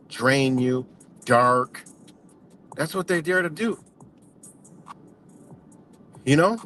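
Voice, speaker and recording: A man's voice: medium pitch, a bit bright. A man ranting casually, heated, profane and emphatic. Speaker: vlogger.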